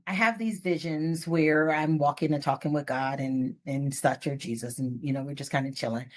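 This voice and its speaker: A middle-aged woman author telling stories in a podcast interview, expressive and playful with asides. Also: low-pitched. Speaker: guest author. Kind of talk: podcast interview, casual storytelling.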